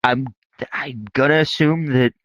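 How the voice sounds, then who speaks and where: A man's voice: mid-range voice, fairly even intonation, a little slow, a bit bright, no echo, highs cut off, natural voice. A man voicing Felix, a wary, blunt human hunter who sounds incredulous and placating. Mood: skeptical. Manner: incredulous, placating, swears when annoyed.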